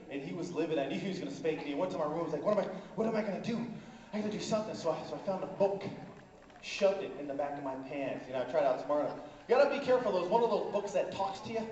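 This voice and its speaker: A man's voice: sits high, a little mellow. A man doing live stand-up comedy on a conference stage. He rambles with many fillers and works the crowd. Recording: echoey hall, distant, dull lo-fi.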